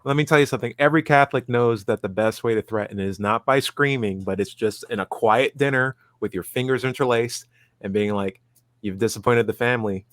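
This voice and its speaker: Bright, dry-sounding joking man. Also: mid-range voice, dry recording. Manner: jokey, does quick mocking voices in quotes. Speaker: podcast panelist. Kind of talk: comedic panel chat.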